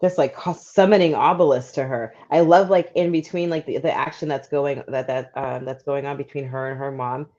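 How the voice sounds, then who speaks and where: A woman's voice: very deep voice, fairly even intonation, brisk, few pauses, mellow. A woman co-hosting a book club podcast, chatting casually and rambling with lots of "like" and restarts. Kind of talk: casual chat. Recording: dull lo-fi audio.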